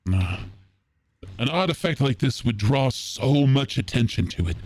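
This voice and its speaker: A man, the dungeon master, playing a cautious, secretive spy master who speaks in measured, weary tones. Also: mid-range voice, animated, a little mellow. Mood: grave. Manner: measured, grave, weary sighs. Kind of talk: tabletop role-play voice acting.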